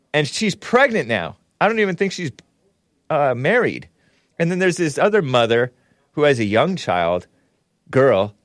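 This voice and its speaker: A man hosting his own show, speaking in a steady mid-range voice with a sarcastic edge. He rambles and corrects himself as he goes, tossing in side remarks. His voice is close and dry, with no room sound around it. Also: medium pitch, no room sound. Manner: rambling, sarcastic, with frequent self-corrections and asides. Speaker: show host. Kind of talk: casual live-stream political commentary.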